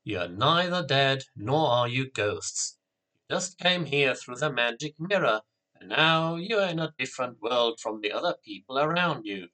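A man voicing an ancient, kindly wizard who speaks quietly and calmly. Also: medium pitch. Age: older. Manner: quiet, unhurried, reassuring. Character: ancient wise male wizard, calm and kindly.

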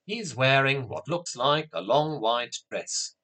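Bright-voiced man narrating a storybook. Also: medium pitch, a little slow, few pauses. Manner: steady, clear reading aloud.

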